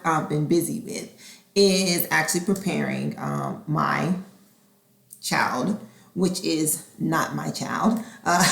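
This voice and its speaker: A woman hosting a podcast in a casual, expressive monologue. She acts out conversations and sometimes slips into a whisper. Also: lowish voice, vocal fry. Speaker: podcast host. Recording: roomy echo.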